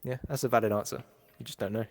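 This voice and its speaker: A man's voice: medium pitch, fairly even intonation, quick pace, creaky, slightly rough. A man hosting an interview, asking easygoing, rambling questions in casual chat. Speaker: podcast host, interviewer. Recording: long echoey reverb.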